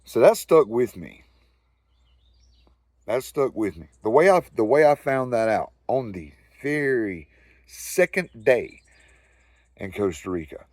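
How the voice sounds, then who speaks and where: A man's voice: mid-range voice, darkish tone, no echo, studio quality. A man with a Southern US accent telling a rambling, profane anecdote in casual storytelling style. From Southern United States. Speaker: storyteller host.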